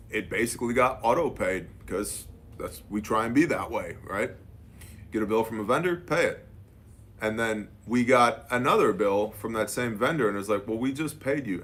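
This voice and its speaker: Husky-voiced man telling a story. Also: fairly low pitch. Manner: animated, quotes dialogue with "I'm like". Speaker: business owner. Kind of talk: casual storytelling.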